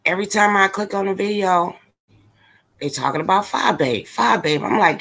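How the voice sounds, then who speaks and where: A woman's voice: mid-range voice, moderate pace, fairly bright tone, slightly rough. A woman hosting a casual livestream, ranting bluntly and with exasperation straight to her viewers. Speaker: livestream commentator.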